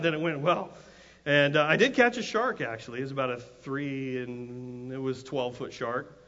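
A man's voice: medium pitch, fairly bright tone. A man preaching a sermon, telling a story in a loose, conversational way with frequent restarts, then rising to emphatic, impassioned cries. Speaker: pastor. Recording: long hall reverb, dull lo-fi sound.

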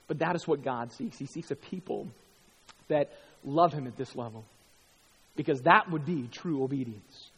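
A man's voice: mid-range voice, moderate pace, fairly bright tone, slightly rough, big-room sound. A middle-aged man preaching a sermon as pastor, telling a story animatedly and acting out the quoted lines himself.

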